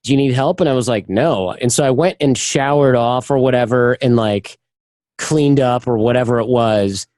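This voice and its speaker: In a relaxed interview, a podcast guest speaks openly about his life, acting out the voices of people in his stories. He has a medium pitch, steady tone, and darkish timbre at normal speed, with no room sound.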